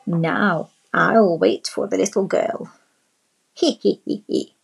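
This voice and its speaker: A woman's voice: medium pitch, takes it slowly, creaky, slightly rough, heavily acted. A woman voicing a sly, hungry big bad wolf in a storybook reading, scheming and mock-sweet. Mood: gloating.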